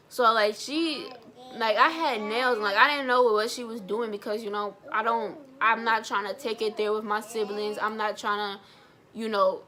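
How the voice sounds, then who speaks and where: A young woman vlogger telling a personal story in a blunt, animated way, swearing freely. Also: on the high side. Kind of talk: storytime vlog.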